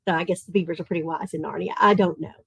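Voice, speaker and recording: A woman with a Southern Tennessee accent teaching a live online literature lesson to children, chatting, asking questions and reading verse slowly. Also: lowish voice, gravelly, husky, dry recording, poor audio. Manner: chatty and animated, asks kids questions, reads verse slowly and rhythmically. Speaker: teacher leading an online summer literature camp.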